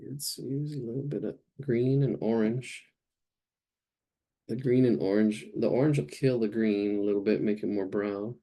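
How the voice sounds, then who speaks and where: A man's voice: lowish voice, moderate pace, dark tone. A man teaching a live painting class, thinking aloud as he works and searching for words. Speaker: art instructor.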